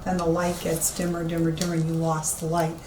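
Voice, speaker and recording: A brisk, monotone woman with a fairly low pitch offers walk-through commentary as a psychic medium in an empty old police station. Her words come out emphatic and repeated. Expect room echo and a faint background hiss.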